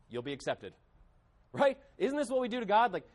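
A man's voice: sits high, wildly swooping pitch, fairly quick. A man preaching a sermon with emphasis, acting out quoted voices. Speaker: pastor.

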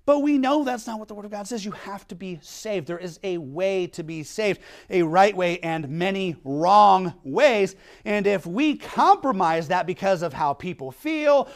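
A man's voice: sits high, expressive, measured pace, hardly any pauses. A male pastor preaching a sermon in a blunt, emphatic way, often checking in with "okay?".

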